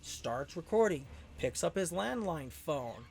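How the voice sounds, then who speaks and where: A man's voice: a little high, measured pace, creaky. A man hosting his channel who tells a story casually over gameplay and keeps asking rhetorical questions. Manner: rhetorical questions, animated retelling. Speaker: channel host.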